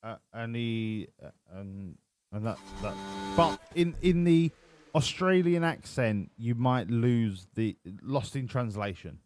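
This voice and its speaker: Swearing man with lively delivery. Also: mid-range voice, slow pace. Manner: profane, rambling banter. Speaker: game streamer. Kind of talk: casual live-stream commentary. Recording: with game music behind.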